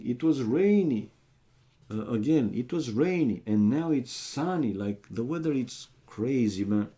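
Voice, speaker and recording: A man's voice: mid-range voice, lively intonation, a little slow, mellow. A young man, chatting casually with his viewers while casting a strategy game match, and calling them "man" as he talks. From Romania. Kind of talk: casual live-stream chat and match commentary.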